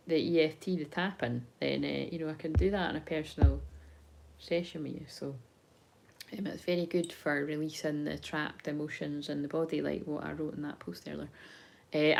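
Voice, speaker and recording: A woman's voice: sits low, fairly even intonation, moderate pace, gravelly, background noise. A woman, a psychic tarot reader chatting casually on a live stream into her phone, rambling, swearing and laughing as she goes.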